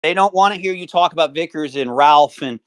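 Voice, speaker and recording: A man's voice: on the high side, fairly quick, clean tone. A man in his thirties calling in to a livestream, arguing in a mocking, profane, combative way. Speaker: guest caller. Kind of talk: heated argument on livestream.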